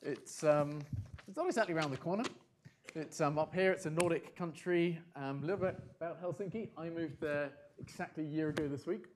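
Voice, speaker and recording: A man's voice: on the high side, fairly quick, slight background noise. A middle-aged man from Britain and France giving a conference talk to a live audience. He talks in a chatty way, puts questions to the room and slips in dry humor. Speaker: conference speaker. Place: conference hall.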